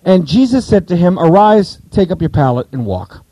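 A man preaching an expository sermon in a conversational, animated way, sometimes acting out voices from the Bible stories. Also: high voice, normal speed, no echo, poor audio.

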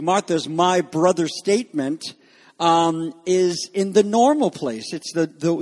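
A man preaching an expository sermon in a measured teaching manner, acting out the quoted lines. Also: fairly high pitch, darkish tone, long reverb tail.

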